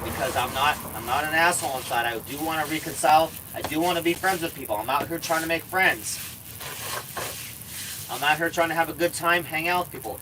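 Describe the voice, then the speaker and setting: A man's voice: fairly high pitch, brisk, noisy background. A man live-streaming from inside an RV, rambling in casual chat, swearing a lot and repeating himself.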